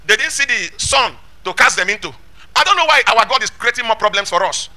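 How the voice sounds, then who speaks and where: A man preaching, his voice very high and ringing bright. He swings up and down in pitch, and he presses each point home with rhetorical questions and shouted scripture. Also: expressive, fairly quick. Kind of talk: sermon.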